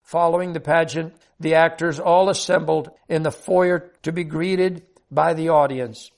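Older man, high voice, earnest, heartfelt, devotional story reading. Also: fairly even intonation, unhurried.

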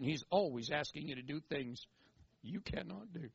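Male preacher, husky gravelly voice, swooping animated delivery, dull dry lo-fi sound. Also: on the high side, normal speed, no echo. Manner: animated, acts out quoted voices, emphatic repetition. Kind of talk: sermon.

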